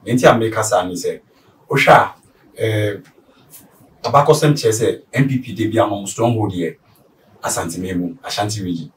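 Ghanaian male guest, lowish voice, hesitant with ums, distant echoey mic. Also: normal speed, pauses often, slight background noise. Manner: hesitant, with ums, then explaining. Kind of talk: casual talk-show chat.

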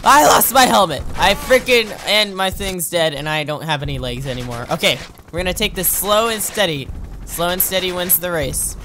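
A gamer host giving let's play commentary, excitable, yelping and laughing at deaths and talking to the characters on screen. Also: mid-range voice, moderate pace, background noise. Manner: playful, talks to the game characters. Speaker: gaming channel host.

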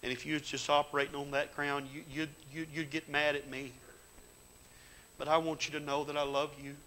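A middle-aged man preaching a sermon in a church. He tells folksy stories in plain grammar and builds to loud, fervent exhortation. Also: a little high, level tone, a little fast, a little hiss or hum, rough recording. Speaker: pastor. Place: church sanctuary.

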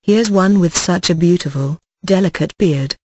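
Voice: mid-range voice, normal speed, darkish tone, no echo, dull audio, close to an everyday voice. A reader voicing a doting young serving woman who coaxes and fusses fondly. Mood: coaxing. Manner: coaxing, fond.

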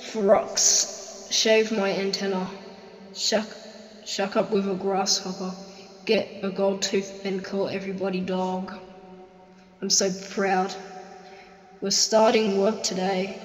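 Animated film dialogue remixed with heavy autotune and sung to a melody. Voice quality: pitch-corrected, sing-song melody. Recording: roomy echo with long reverb. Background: faint music.

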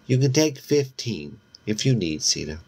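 A man reading the lines of a tired, ancient male vampire in a soft, weary way. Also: medium pitch, sing-song, moderate pace, husky, voice pushed up.

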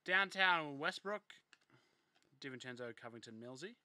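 A man's voice: mid-range voice, animated, normal speed, sharp tone, slight background noise. A young man hosting a live card break, reading off player names and chatting casually with viewers.

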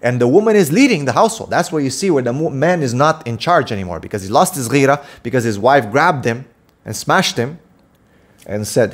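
A man's voice: medium pitch, lively intonation, fairly quick. A man giving an impassioned preaching monologue as an Islamic preacher, scolding his listeners and firing off rhetorical questions.

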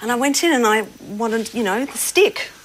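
A woman's voice: fairly high pitch, lively intonation, moderate pace, slight background noise. A woman on a comedy panel telling a self-mocking travel anecdote in a chatty way. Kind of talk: comic anecdote on a panel show.

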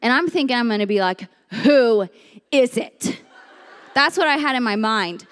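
A young woman giving a chatty, animated sermon, telling a story and acting out the voices in it. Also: a little high, fast talker, clean tone, long reverb tail. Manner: lively, chatty, acts out voices in her story. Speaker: speaker at a women's church series.

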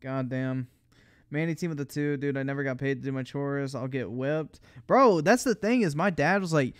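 A man's voice: medium pitch, normal speed, no echo, clean studio sound. A young man streaming a casual reaction, swearing constantly, laughing, and mocking what he watches. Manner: crude, profane, laughing, mocking.

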